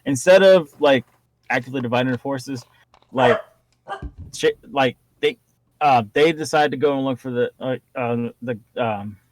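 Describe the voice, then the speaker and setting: A man's voice: medium pitch, moderate pace. A man co-hosting a casual recap chat, joking and laughing often, with lots of fillers. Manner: jokey, laughs often, hesitant with many fillers. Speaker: podcast co-host.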